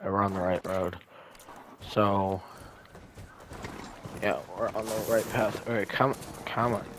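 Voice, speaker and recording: A young man hosting casual let's-play commentary. He is chatty and easily excited, and has the hiccups. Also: on the low side, slow pace, background noise. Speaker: gaming video host. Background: game ambience and horse hooves.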